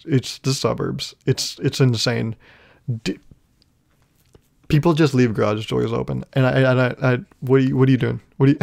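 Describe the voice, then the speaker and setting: A man's voice: mid-range voice, gravelly, darkish tone. A young man hosting his own podcast, telling rambling, self-deprecating comic stories in a solo monologue. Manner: rambling, self-deprecating storytelling with frequent laughs. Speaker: podcast host.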